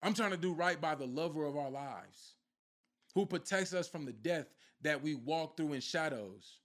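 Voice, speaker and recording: Speaking at normal speed, this man has a highish, expressive voice with a fairly bright tone. As a spiritual content creator, he addresses viewers directly in a casual, preachy way, repeating himself frequently for emphasis.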